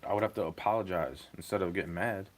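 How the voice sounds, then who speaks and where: A man's voice: deep voice, fast talker. A young man ranting in a rambling, agitated monologue, swearing as he talks to a stream chat.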